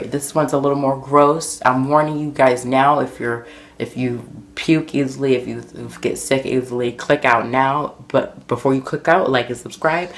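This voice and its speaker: A man vlogging, telling embarrassing stories in an animated, dramatic way, full of fillers. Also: mid-range voice, a little hiss or hum. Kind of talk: casual storytelling to camera.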